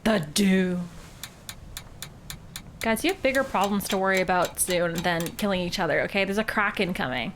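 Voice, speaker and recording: A woman's voice: medium pitch, normal speed, pauses often, a bit bright, slight background noise. A woman from Canada, a live streamer, thinking aloud and chatting as she plays a mystery game.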